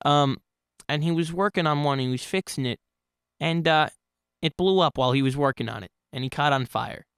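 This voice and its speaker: A man with a somewhat high, smooth voice tells stories in a loose, rambling way. He often restarts and corrects himself mid-sentence. The sound is dry and close, with no room echo. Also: a little fast, fairly bright tone. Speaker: channel host telling stories. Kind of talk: casual spoken storytelling.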